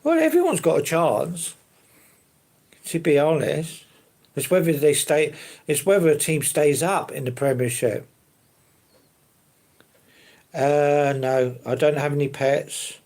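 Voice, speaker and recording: A man's voice: fairly high pitch, expressive, slow pace, pauses often, a little mellow. A man chatting casually on a live stream, answering viewers in an easygoing, rambling way. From London. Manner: easygoing, rambling, fillers and hedges like to be honest.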